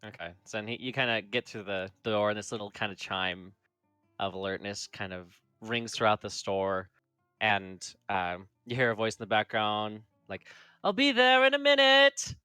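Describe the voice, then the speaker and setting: A man's voice: on the low side, steady tone, sharp tone, clean tone, no echo. Male game master, rambling narration, dry close sound, faint music behind. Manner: rambling, full of fillers like "like" and "kinda"; shifts into quick voiced quotes for characters.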